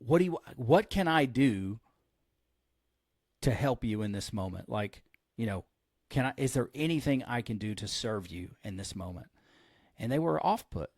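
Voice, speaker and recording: Pastor guy telling a story on his podcast, average pitch, does the voices, dry close mic. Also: dry recording. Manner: animated storyteller who acts out quoted lines. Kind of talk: storytelling in casual podcast chat.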